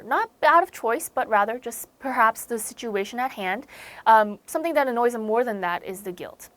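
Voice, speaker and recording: A woman's voice: fairly high pitch, a bit bright, dry recording. A young American woman teaching English vocabulary in an online lecture, chatty, explaining each word by rephrasing it and using plenty of fillers. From United States.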